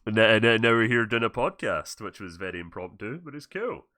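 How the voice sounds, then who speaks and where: Young Glaswegian male host, low voice, casual and sweary, dry close sound. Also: sing-song, brisk, bright, forceful tone, no echo. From Scotland. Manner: laid-back, swearing, laughing often. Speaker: podcast host. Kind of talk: casual chat.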